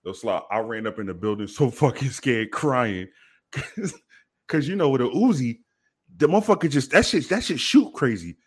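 A man from the Bronx telling stories in a casual chat, animated and profane, repeating himself as he goes. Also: medium pitch, normal speed, husky. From the Bronx, New York.

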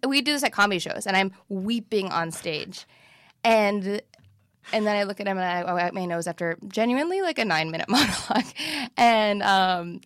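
Woman, comedian, podcast guest, animated, chatty, swears freely, dry close recording. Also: mid-range voice, dry recording. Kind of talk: casual chat.

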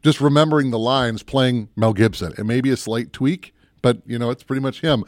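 A man co-hosting a laid-back movie talk show speaks at a medium pitch and a slightly fast clip. He rambles, thinks aloud, and keeps interrupting himself, all captured in a dry, studio-quality recording.

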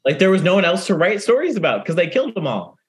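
A podcast co-host in casual book-club chat, making dry, quick quips. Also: medium pitch, big pitch swings.

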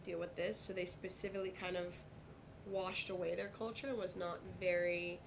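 A woman's voice: fairly low pitch, little pitch movement, normal speed, a little hiss or hum. Blunt, profane woman bartender guest. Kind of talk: casual interview chat.

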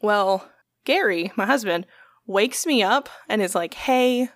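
Speaking slowly with lively intonation, a young woman rambles through a story on a casual podcast, swearing freely and imitating the people she quotes. Her voice is of ordinary pitch, recorded dry and close with no echo.

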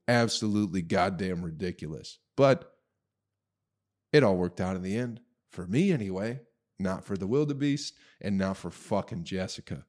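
A man with a somewhat low voice rants profanely as a show host. His talk is crude, mocking and full of scorn. He keeps a casual comedic-rant style throughout. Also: a little mellow. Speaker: podcast host.

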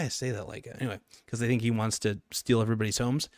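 A man's voice: medium pitch, steady tone, fast talker, hardly any pauses, a little mellow, no room sound, studio quality. A young man hosting his own podcast, chatting casually in a rambling, jokey, self-mocking way. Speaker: podcast host. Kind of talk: casual solo podcast chat.

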